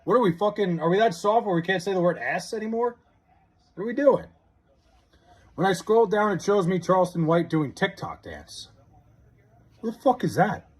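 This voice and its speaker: A man livestreaming from his house, casually chatting and reading out viewer comments, loose and profane, drawling joke names slowly. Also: high voice, lively intonation, slightly rough. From New York area.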